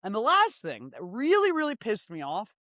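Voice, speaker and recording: Male comedy-news host, high voice, dry close sound, sarcastic and animated with loud bursts. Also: no room sound. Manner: sarcastic, animated, swings from loud outbursts to quick asides. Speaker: podcast host.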